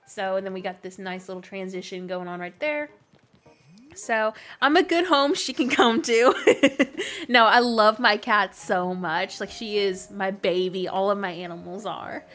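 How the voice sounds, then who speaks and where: A woman's voice: mid-range voice, measured pace, fairly bright tone. A woman live streaming a game, chatting casually, rambling and laughing often as she jokingly complains about her pets. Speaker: gaming streamer.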